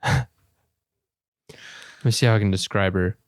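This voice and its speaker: A man's voice: low voice, steady tone, a little slow, no echo, clean studio sound. A man co-hosting a podcast, telling a long crude story casually and laughing often. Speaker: podcast co-host.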